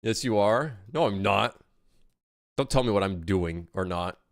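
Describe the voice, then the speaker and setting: A man in his late twenties chats on a livestream while fixing his game, rambling loosely and swearing often. His voice sits on the low side yet swings widely in pitch. The sound is dry and close, with no room around it. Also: expressive, measured pace, no room sound. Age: late 20s. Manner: rambling, swears a lot, reads chat aloud. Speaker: game developer streamer. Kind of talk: casual livestream chat while working.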